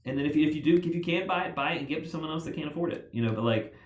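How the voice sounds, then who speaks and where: A man telling stories as a podcast guest, rambling and animated, with constant "like" fillers. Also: a little high, very fast. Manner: rambling, animated, heavy use of "like". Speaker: guest author. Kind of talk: casual podcast storytelling. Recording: roomy echo.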